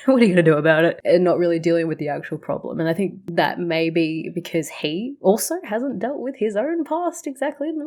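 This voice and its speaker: A woman with a warm, mid-range voice hosts a reaction video about a show. She chats casually, swearing freely and rambling through her thoughts.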